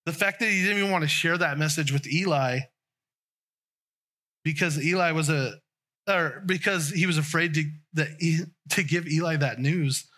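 A man's voice: a little high, moderate pace, bright, forceful tone. A man preaching a conversational sermon, often restarting and trailing off mid-sentence.

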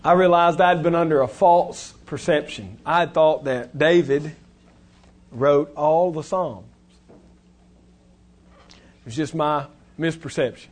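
A middle-aged man preaching with a high voice. He speaks earnestly and presses his listeners with direct appeals. His delivery builds in force as he runs through a long list. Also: slow, long pauses. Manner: earnest, exhorting, builds to a rising list of titles. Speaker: pastor. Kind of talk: sermon.

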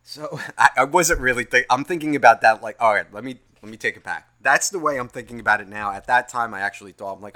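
Profane, animated man ranting about work. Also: medium pitch, a little fast. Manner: profane, animated, exasperated, swings from muttering to near-yelling. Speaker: podcast host telling a work story. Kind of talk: casual storytelling rant.

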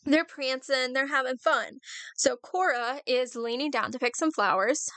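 A woman's voice: high voice, unhurried, fairly bright tone, no echo. Chatty woman retelling myths. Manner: chatty, swears casually, laughs often. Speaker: podcast co-host. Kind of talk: casual mythology retelling.

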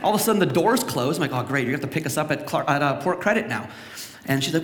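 A man's voice: on the high side, fast, a bit bright, slight background noise. A young man from Canada preaching a sermon as pastor, telling stories and acting out the voices of the people in them. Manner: storytelling, acts out quoted voices. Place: church sanctuary. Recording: echoey church hall with long reverb.

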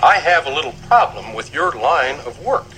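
A man's voice: a little high, big pitch swings, moderate pace, sharp tone, rough recording. An actor playing an uneasy businessman father who stands up to a mobster in a TV clip. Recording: TV clip with clear background noise.

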